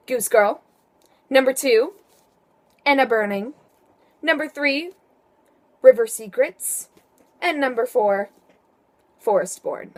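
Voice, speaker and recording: A teenage girl chatting casually about her favourite books in a vlog, with playful, sarcastic asides. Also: on the high side. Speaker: book vlogger. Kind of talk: casual book review vlog.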